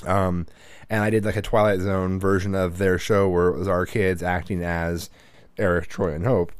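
A man's voice: low voice, level tone, moderate pace, clean tone, no echo. Tired, rambling man podcast host. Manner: rambling, profane, with frequent restarts and fillers. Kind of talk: casual chat.

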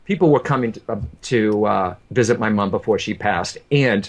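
A man's voice: on the low side, moderate pace. A man who works as a medium, telling an emotional personal story in an earnest, repetitive way and often addressing the host by name.

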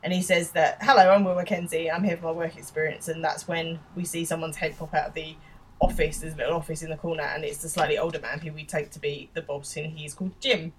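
A woman's voice: low voice, little pitch movement, fast, a little hiss or hum, low-quality recording. A woman with an East London accent, co-hosting a podcast and chattily recapping a TV episode, often restarting her sentences. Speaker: podcast co-host.

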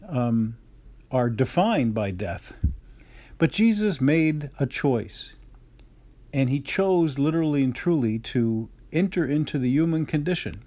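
A man who is a Catholic priest, giving a homily after reading a gospel passage aloud, measured and plain, with fillers and restarts. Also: mid-range voice, darkish tone, no room sound.

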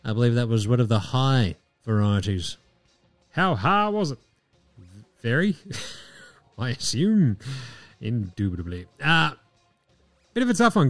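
A man's voice: medium pitch, darkish tone, no room sound. An Australian man hosting a podcast, talking in a laid-back, jokey way with plenty of swearing. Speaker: podcast host. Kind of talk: casual chat.

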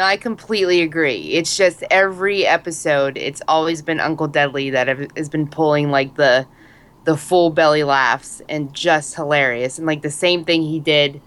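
A woman co-hosting a casual podcast chat with a very low voice for a woman. She sounds agreeable and quick to laugh. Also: fairly bright tone, clear, resonant tone. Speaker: podcast co-host.

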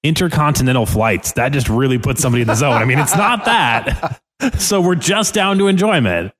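Man making wry, lively remarks. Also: medium pitch, fairly quick. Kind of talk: casual chat.

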